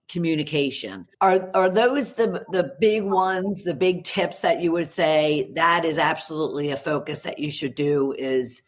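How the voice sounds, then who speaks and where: A woman hosting a podcast interview who asks questions and encourages her guest. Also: sits low. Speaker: podcast host. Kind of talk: casual interview talk.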